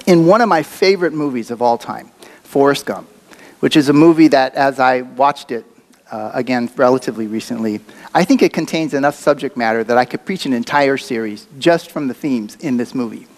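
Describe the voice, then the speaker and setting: A man's voice: medium pitch, brisk, darkish tone. A man preaching a sermon as a pastor, talking in a conversational, reflective way with occasional fillers.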